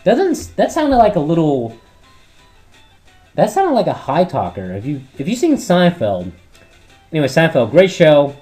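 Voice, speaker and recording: A man commentating his gameplay run, rambling and swearing often, his throat worn from yelling at the screen. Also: on the high side, huge pitch swings, moderate pace, pauses often, soft background music. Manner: rambling, heavy swearing, talks back at the game. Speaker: let's play host.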